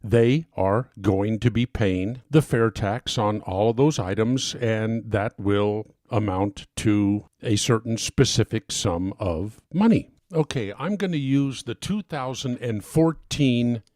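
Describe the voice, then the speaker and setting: A man's voice: lowish voice, takes it slowly, hardly any pauses, darkish tone, no room sound, studio quality. A man giving a persuasive talk as an advocate, emphatic and getting worked up as he speaks.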